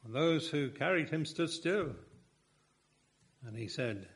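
A man's voice: a little high, expressive, slow pace, long pauses, husky. A man preaching a sermon, building his points with rhetorical questions and emphatic repetition.

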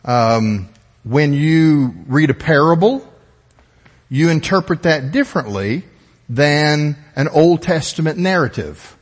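A man's voice: a little high, animated, slow pace, in a large hall. A man pastor giving a methodical teaching sermon, explaining points step by step with conversational asides.

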